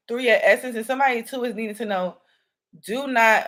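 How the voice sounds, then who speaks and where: A woman's voice: a little high, fairly quick. A woman, a spiritual reader talking loosely and rambling to her viewers about signs and energy. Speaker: spiritual reader and channel host. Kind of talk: casual spiritual channeling talk to viewers. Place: home room with candles.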